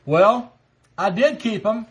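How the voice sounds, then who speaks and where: A man in his fifties with a high-pitched voice hosts a live stream and spins a personal story in a relaxed, chatty way. His telling is animated, and chuckles slip in as he goes. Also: takes it slowly. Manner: animated anecdote teller, chuckles as he talks. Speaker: livestream host. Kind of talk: casual storytelling.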